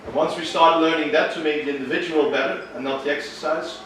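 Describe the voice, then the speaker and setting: A man's voice: fairly high pitch, steady tone, fast talker, a bit bright. Male workshop leader quizzing the room, distant mic, echoey space with faint noise. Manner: asks the room questions. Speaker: workshop presenter. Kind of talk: workshop talk.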